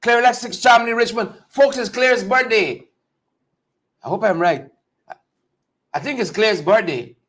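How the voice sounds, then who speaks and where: A man hosting a live political talk show, talking straight to viewers in a mocking, animated way. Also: sits high, measured pace, pauses often. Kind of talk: casual live-stream commentary.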